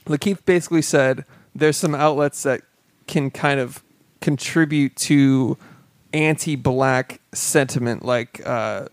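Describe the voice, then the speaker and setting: A man co-hosting a casual podcast, talking in a rambling, excitable way with lots of fillers. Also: medium pitch, slow, no echo. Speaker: podcast co-host.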